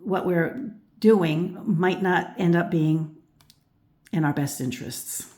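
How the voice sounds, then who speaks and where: This tarot reader and channel host is an older woman whose lowish, dark-toned voice moves slowly. Her casual reading wanders thoughtfully, with frequent restarts and plenty of "you know." She occasionally seems short of breath.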